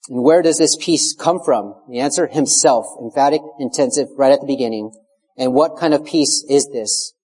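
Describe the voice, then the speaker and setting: A man's voice: medium pitch, mellow. Man preaching in a reverberant hall. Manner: measured, emphatic preaching with scripture quotes. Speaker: pastor. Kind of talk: expository sermon.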